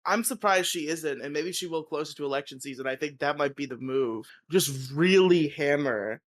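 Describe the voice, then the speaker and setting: A man with a slightly raised pitch talks casually on a podcast. His sentences come in halting, profane bursts, and he laughs often mid-thought. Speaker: podcast co-host.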